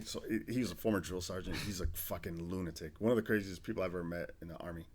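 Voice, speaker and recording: Brief: low-voiced man in his 40s, army veteran guest, swears freely while spinning casual podcast stories. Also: very fast, hardly any pauses, slight background noise. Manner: loose, profane storytelling with restarts. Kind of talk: casual storytelling podcast chat.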